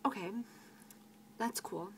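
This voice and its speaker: A woman's voice: slow, a little hiss or hum, low-quality recording. A teenage girl working as a grocery cashier, ranting sarcastically about rude customers and swearing freely. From United States. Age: teens. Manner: exasperated, sarcastic, swears freely, quotes customers in mocking voices. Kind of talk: venting vlog rant.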